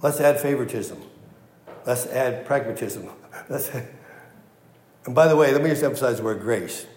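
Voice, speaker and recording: A man's voice: mid-range voice, normal speed, a little mellow, a little hiss or hum. Emphatic preaching man in an echoey hall. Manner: emphatic preaching, repeats key phrases. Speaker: pastor. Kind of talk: sermon. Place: church.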